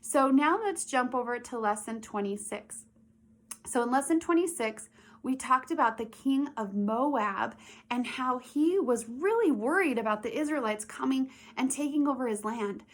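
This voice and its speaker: A young adult woman teaching a Bible lesson to children, retelling the story in an animated way and asking the kids questions. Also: sits high, moderate pace.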